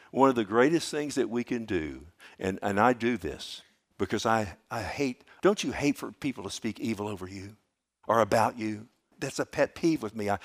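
A man preaching a sermon to his congregation in an earnest, conversational way. His voice sits in an ordinary middle register. He rises to loud, emphatic bursts and drops to soft, low asides, checking in with his listeners as he goes. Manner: earnest, conversational preaching with frequent "Amen?" and "loved one". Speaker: pastor.

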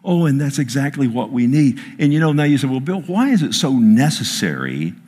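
A man's voice: mid-range voice, very animated, a little fast, darkish tone. A man preaching a sermon to a congregation from a stage, emphatic, quoting scripture and calling out for amens. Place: church before a congregation.

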